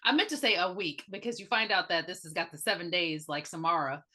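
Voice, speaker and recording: A woman co-hosting a podcast, chatting casually about a movie and throwing in quick questions. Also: lowish voice, bright, forceful tone. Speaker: podcast co-host. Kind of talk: casual movie recap chat.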